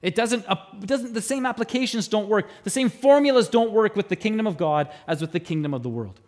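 A middle-aged man preaching a sermon as pastor, telling stories with animated delivery and acting out voices. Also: high-pitched, a little fast. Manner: animated storytelling, mimics voices in anecdotes. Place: church auditorium.

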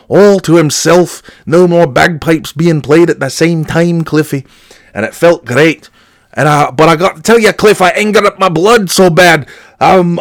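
For a comedy podcast bit, a man with a fairly high voice plays a crude, angry old Scottish uncle in a put-on Scottish accent. He leaves a rambling voicemail, repeating his nephew's name again and again, in a dry recording.

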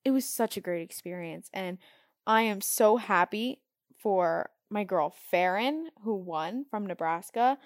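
A woman's voice: a little slow, no room sound, clean studio sound. A teenage girl hosting her own podcast, talking casually and upbeat about a recent experience. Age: teens. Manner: bubbly, upbeat, acts out quoted chats in a higher voice. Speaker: podcast host. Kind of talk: casual solo podcast talk.

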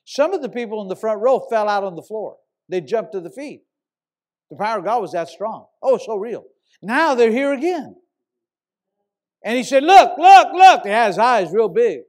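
High-voiced man preaching a sermon. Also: animated, normal speed. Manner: emphatic storytelling, repeats words for stress. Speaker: pastor.

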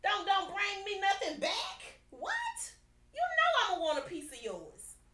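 A woman podcast host with a high voice in a roomy, echoing space. She talks in an animated, chatty way, repeats herself for emphasis and keeps checking in with her listeners while she reads and discusses scripture. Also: a little slow. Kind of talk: casual chat with scripture reading.

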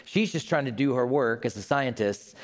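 A man's voice: mid-range voice, expressive, moderate pace. A male pastor preaching a sermon, telling a story with playful asides. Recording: long hall reverb.

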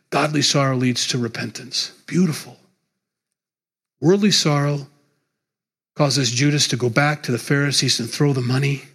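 Husky-voiced man preaching emphatically. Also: medium pitch. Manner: emphatic, repetitive preaching with sudden loud rises and quiet drops. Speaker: pastor. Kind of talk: sermon.

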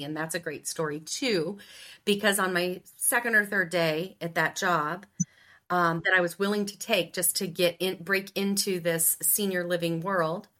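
A middle-aged woman from Ohio, a sales coach telling stories in an interview and acting out the dialogue. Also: lowish voice. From Ohio, US Midwest. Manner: animated storyteller who acts out quoted dialogue. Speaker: sales coach and podcast guest. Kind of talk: casual interview storytelling.

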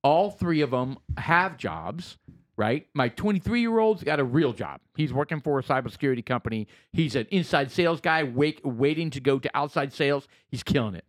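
A man's voice: mid-range voice, normal speed. A middle-aged man chatting casually as a co-host, telling stories with lots of fillers and restarts. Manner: animated storytelling with many fillers. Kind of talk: casual chat.

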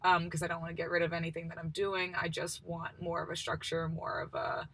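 A woman's voice: fairly low pitch, monotone, brisk, a bit bright. A woman in her twenties hosting a casual solo chat, rambling with many fillers. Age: 20s. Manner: chatty, rambling, lots of "like" and "um". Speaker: podcast host.

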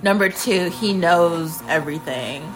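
A woman's voice: fairly low pitch, a little slow, music in the background, low-quality recording. A woman hosting a casual solo podcast, rambling and swearing freely, often stuttering over repeated words. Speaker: podcast host.

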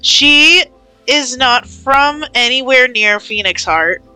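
A woman's voice: sits high, lively intonation, takes it slowly, sharp tone, faint music behind, low-quality recording. A woman who plays in the game, chatting casually and bluntly about it, swearing freely. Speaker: player. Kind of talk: casual podcast chat.

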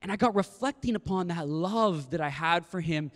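A man's voice: high-pitched, moderate pace. A man in his thirties preaching a sermon, telling stories with animation and talking to the crowd in a large hall. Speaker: pastor. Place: large hall with a live audience. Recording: long reverb in large hall.

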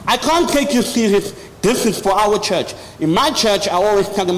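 A man preaching a sermon as an apostle, with sudden loud high bursts and slow emphatic phrases. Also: lively intonation. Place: large church hall. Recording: long hall reverb, faint noise.

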